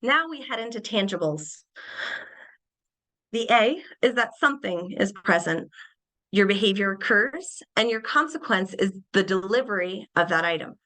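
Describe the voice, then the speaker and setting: A young adult woman presenting a webinar lecture on behavior, animated and acting out little everyday scenes in changed voices. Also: medium pitch, moderate pace, low-quality recording.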